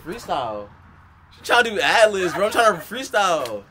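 A man's voice: big pitch swings, normal speed. Young male vlogger, slangy, jokey, freestyle-rapping, music playing behind. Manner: playful, laughing, slangy, drops into a low sleepy voice. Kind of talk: casual vlog chat and freestyle rap.

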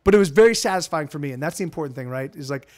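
A man's voice: a little high, lively intonation, very fast, a little mellow. A man hosting a casual live stream, telling rambling, profane stories with lots of restarts.

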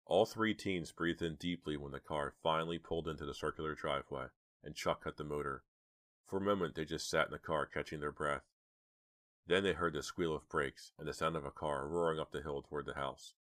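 A man narrating an audiobook with measured, dramatic storytelling. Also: a bass voice, fairly bright tone, no room sound. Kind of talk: audiobook reading.

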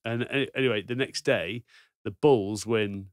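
A man's voice: fairly low pitch, unhurried, dry recording, studio quality. A man in his thirties, a podcast co-host and former rugby player, telling a story casually and laughing at the punchlines. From England.

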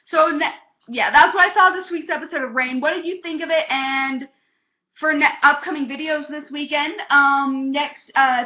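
A young woman vlogging a heated, exasperated TV episode review, cursing when she gets passionate. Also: high-pitched. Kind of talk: casual ranting review. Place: home, on a couch. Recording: dull lo-fi home recording.

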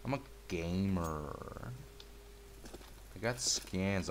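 Low, slow-talking gamer man. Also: slight background noise. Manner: laid-back and mumbly, breaking into swearing, trash talk and yelps at the game. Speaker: gameplay commentator. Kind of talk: casual gameplay commentary.

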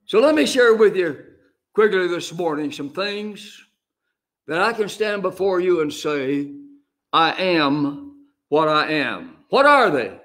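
Older male pastor, high-pitched, unhurried, homey preaching style with drawn-out emphatic lines. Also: lively intonation, fairly bright tone. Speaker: senior pastor. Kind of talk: sermon.

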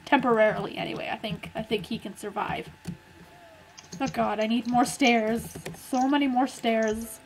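A woman's voice: a little high, fairly even intonation, moderate pace, a little hiss or hum. A woman playing a video game and chatting casually, giggly, playful and self-mocking as she builds and talks to a friend. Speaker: gaming YouTuber and server moderator.

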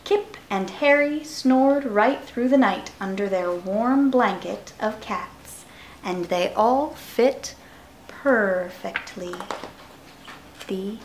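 A woman reading a children's picture book aloud, expressive, slow and soothing. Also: mid-range voice, slight background noise. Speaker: storyteller. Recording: roomy echo.

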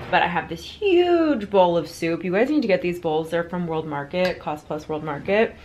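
A woman's voice: on the low side, slight background noise. A young woman chatting casually to her camera at home for a lifestyle vlog, filler-heavy and self-deprecating. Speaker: lifestyle vlogger. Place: home, kitchen and indoors.

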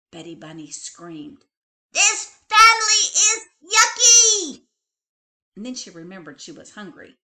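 A librarian woman reading a picture book aloud with expressive, animated storytelling. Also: lowish voice.

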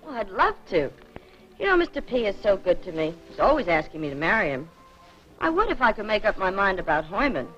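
A woman's voice: medium pitch, very animated, brisk, fairly bright tone, soft background music. An actress playing a chatty, wisecracking young woman neighbor in a 1940s film, full of slang. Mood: breezy. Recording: dull old film soundtrack.

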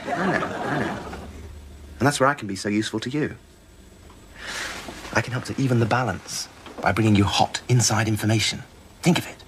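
A man's voice: fairly low pitch, fairly quick, long pauses, slight background noise, close to an everyday voice. An actor playing a vain, scheming right-wing male Tory MP, with a plummy, arch drawl in sitcom style. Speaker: politician character. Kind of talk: sitcom acting.

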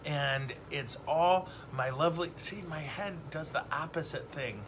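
A man's voice: fairly high pitch, unhurried, a bit bright, slight background noise. A middle-aged man, a Catholic priest, hosting a casual livestream teaching and rambling along with self-deprecating jokes.

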